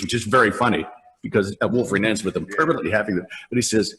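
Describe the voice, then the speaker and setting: A man's voice: mid-range voice, animated, a little fast, fairly bright tone. An older man, a voice actor guest, telling rambling stories in a casual interview, laughing often and acting out lines. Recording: long reverb on the voice.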